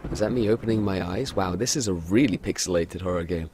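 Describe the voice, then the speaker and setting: Congested guy reading out a horror game, lowish husky voice, jokey. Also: quick pace, few pauses. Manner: playful, self-mocking, reads narration in hushed tones. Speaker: gaming video host. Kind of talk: let's play commentary, reading game text aloud.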